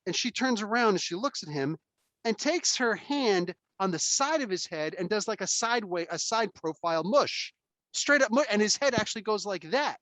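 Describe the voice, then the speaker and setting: A man hosting a casual podcast chat, telling stories in an animated, emphatic way and swearing freely. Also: high voice, moderate pace, no room sound. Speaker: podcast host.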